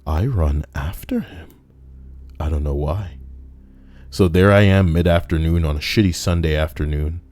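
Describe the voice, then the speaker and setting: Deep, brash, profane story reader. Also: male voice, moderate pace, darkish tone, dry recording. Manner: brash, mocking, profane rants between read passages. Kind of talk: reading stories aloud with crude commentary.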